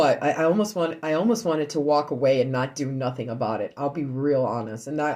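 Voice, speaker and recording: A woman streaming casually to her online group, shaken, repeating herself, swinging from loud outbursts to low murmurs. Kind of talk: emotional casual storytelling.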